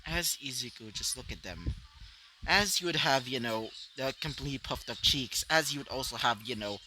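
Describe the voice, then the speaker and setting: A man's voice: mid-range voice, expressive, moderate pace, sharp tone, slight background noise, low-quality recording. A man narrating his own fan story off the cuff, rambling with many fillers. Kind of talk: improvised fanfiction storytelling.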